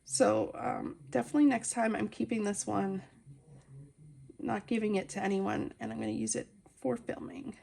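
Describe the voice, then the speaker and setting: A woman's voice: mid-range voice, animated, normal speed, vocal fry, darkish tone. A woman vlogging casually from home as she colors, chatting and rambling with lots of fillers, recorded on a phone. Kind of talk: casual chat while coloring. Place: at home, family nearby.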